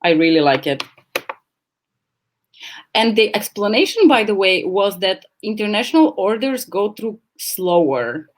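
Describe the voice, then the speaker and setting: A woman's voice: medium pitch, big pitch swings, a little slow. Chatty blunt woman on a laptop mic. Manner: chatty, rambling, blunt and swearing. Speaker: livestream host. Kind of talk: casual chat. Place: home, at a laptop. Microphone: laptop camera mic.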